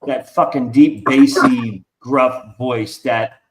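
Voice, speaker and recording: A man's voice: medium pitch, fairly even intonation, slow pace, a loud crowd. A man hosting a casual drawing stream, rambling enthusiastically and cursing freely. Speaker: artist and stream host. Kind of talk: casual chat. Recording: roomy echo.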